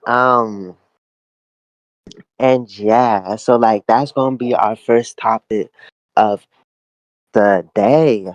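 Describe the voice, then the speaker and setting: A man's voice: on the low side, very slow, long pauses, no room sound, dull audio. A young man co-hosting a casual podcast from his backyard, talking in a laid-back, thoughtful way with many fillers. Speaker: podcast co-host. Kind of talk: casual chat. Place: backyard at home, outdoors.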